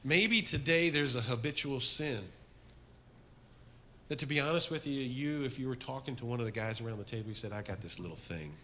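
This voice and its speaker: A middle-aged man preaching a sermon to a men's group, telling stories with energy and then dropping to a soft, earnest appeal. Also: medium pitch, brisk. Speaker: men's ministry speaker.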